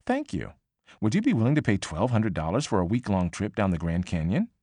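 A smooth, polite computer voice with a newscaster's polish, as a man puts on a woman's tone. It asks one tidy question after another in a raised, lively pitch. The recording is dry and close, with no room sound. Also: a little fast, no room sound, full character voice. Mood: politely inquisitive. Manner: polite, even, scripted questioning. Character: automated female survey voice, polished newscaster tone.

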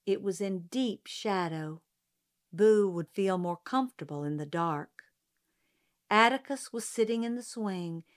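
A woman narrating a novel as an audiobook, in a measured, even manner. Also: mid-range voice.

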